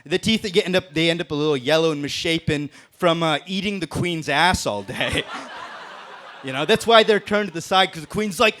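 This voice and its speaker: A man's voice: a little high, brisk, a bit bright, a little hiss or hum. A man doing a brash, profane stand-up roast set on a comedy club stage, laughing at his own jokes. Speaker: stand-up comic in a roast battle.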